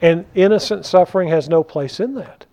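A man teaching a conversational Bible study, animated and full of questions to his listeners. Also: sits high, normal speed. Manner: animated, rhetorical questions to the audience. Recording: dull lo-fi recording.

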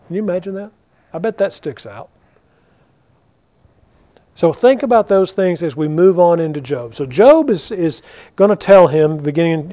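A man teaching a conversational Bible study, animated and full of questions to his listeners. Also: a little high. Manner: animated, rhetorical questions to the audience. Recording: dull lo-fi recording.

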